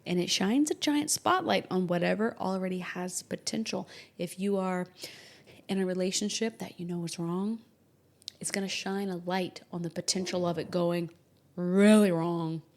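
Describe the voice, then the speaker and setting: A woman astrologer hosting a podcast in casual, animated talk, joking and acting out little imagined quotes. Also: on the low side, moderate pace. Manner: animated, jokey, acts out imagined quotes in varied voices.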